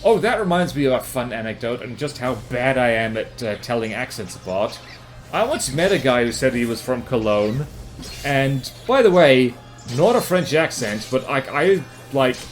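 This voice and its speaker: A man from New Zealand with a New Zealand accent, giving rambling, self-mocking commentary over his gameplay. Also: mid-range voice. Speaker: gaming commentator.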